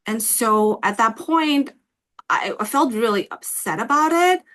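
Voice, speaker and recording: A woman's voice: on the high side, animated, a bit bright. Woman guest telling her story candidly. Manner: candid, halting personal storytelling. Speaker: guest, company founder. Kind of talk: casual interview chat.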